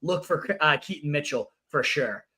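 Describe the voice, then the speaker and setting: A young man co-hosting a fantasy football show, talking in casual, emphatic analysis with bursts of excitement. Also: fairly high pitch, moderate pace. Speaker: fantasy football podcast co-host. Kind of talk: casual sports analysis chat.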